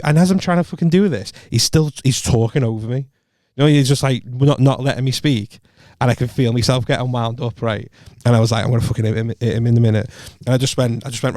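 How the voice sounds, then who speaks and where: A man's voice: mid-range voice, quick pace, no room sound. A man co-hosting a podcast, telling a story in casual chat, swearing freely, laughing often and acting out what people said. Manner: animated storytelling, swears a lot, laughs often, acts out quoted voices. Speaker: podcast co-host.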